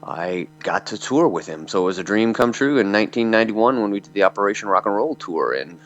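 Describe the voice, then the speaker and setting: Low-voiced man telling stories, lo-fi. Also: expressive, fast talker, soft background music. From Michigan, USA. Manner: rambling anecdotes, many fillers. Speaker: metal singer, guest. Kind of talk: storytelling interview. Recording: dull lo-fi audio.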